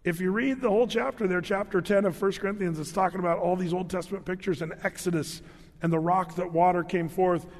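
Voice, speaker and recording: Preacher, male, high-pitched, storytelling sermon style with playful asides, long hall echo. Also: steady tone, fast. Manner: storytelling, acts out quoted speakers with humor. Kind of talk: conversational Bible-teaching sermon. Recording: long reverb of a large hall.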